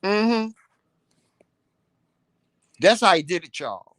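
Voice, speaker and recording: Brief: male vlog co-host, slightly high voice, dry close sound, animated and profane ribbing. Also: drawn-out words, dry recording. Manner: animated, teasing storyteller; salty, profane. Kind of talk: casual couple chat.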